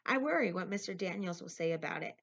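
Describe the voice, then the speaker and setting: A woman reading a novel aloud in first person, with plain, steady storytelling. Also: fairly low pitch, fast talker. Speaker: reader. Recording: lo-fi recording.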